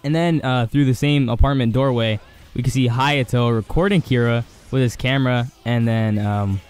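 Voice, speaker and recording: Excited rambling guy recapping an episode. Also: medium pitch, moderate pace, smooth. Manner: rambling and excited, heavy on fillers. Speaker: anime reviewer.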